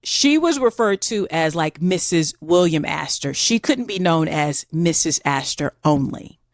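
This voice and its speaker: A woman co-hosting a podcast, telling a history story in an animated, chatty way. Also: low-pitched, measured pace, no room sound, clean studio sound. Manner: chatty, animated, says "girl" and "like". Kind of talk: casual storytelling chat.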